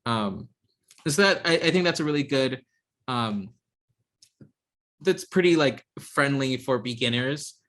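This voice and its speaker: A man's voice: medium pitch, lively intonation, measured pace, long pauses, fairly bright tone. Man teaching a hesitant online class. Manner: hesitant, lots of ums and restarts. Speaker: instructor.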